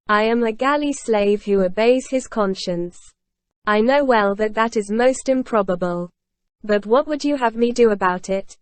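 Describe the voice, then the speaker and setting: A woman's voice: fairly high pitch, a little mellow, no room sound, lightly acted. A woman reading the part of a remorseful aging former convict, in a solemn, anguished confessional manner.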